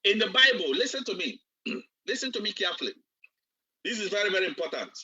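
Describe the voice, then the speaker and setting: A man's voice: sits high, big pitch swings, fast talker, sharp tone, breathy edge. A man, a business coach giving a preacher-like motivational training, repeating himself emphatically. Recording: distant, dull lo-fi recording.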